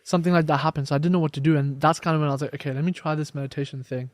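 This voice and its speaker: A young man guest on a podcast, telling his story in casual conversation and acting out quoted dialogue with lively shifts. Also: on the high side, racing, dry recording. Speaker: podcast guest, life coach.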